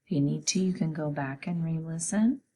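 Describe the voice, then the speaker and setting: A woman teacher giving a spelling lesson for children, sounding out each letter slowly and patiently. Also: deep voice, dark tone, breathy edge.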